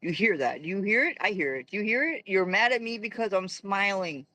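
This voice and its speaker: A man's voice: high voice, expressive, normal speed, bright, forceful tone, dry recording. A man in casual chat, telling rambling stories and laughing often.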